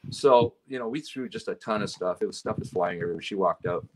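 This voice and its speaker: A man's voice: on the low side, fast talker. A man from Canada, a guest telling stories in casual chat, rambling and full of "you know" and "right?". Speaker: guest, road and stage manager.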